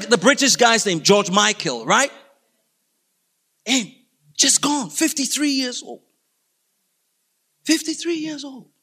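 A male preacher from Africa with a notably high voice. He tells his story animatedly, acting out scenes and breaking into sudden shouts. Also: slightly rough. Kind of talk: storytelling sermon.

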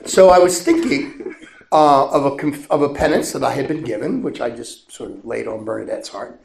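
A man, a priest, preaching by telling a story in a chatty, animated way with bursts of laughter. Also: mid-range voice, moderate pace, gravelly. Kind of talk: storytelling sermon. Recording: echoey room with faint noise.

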